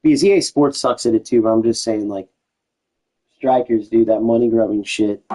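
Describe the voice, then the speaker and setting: A man's voice: lowish voice, moderate pace, dark tone, rough recording. A young man streaming a football video game, chatting loosely to his live chat, with casual slang and frequent restarts.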